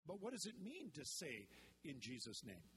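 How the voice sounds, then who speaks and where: A man's voice: fairly high pitch, huge pitch swings, moderate pace, sharp tone. A male pastor giving a sermon in a conversational way, mixing teaching with joking stories from his own life.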